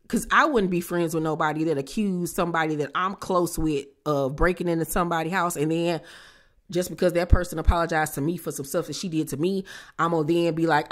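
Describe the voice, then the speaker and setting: Sassy woman, low-pitched, slangy, chatty TV review vlog. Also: fairly even intonation, fairly quick. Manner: sassy and slangy, playful asides. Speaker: reality TV review vlogger. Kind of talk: casual chat.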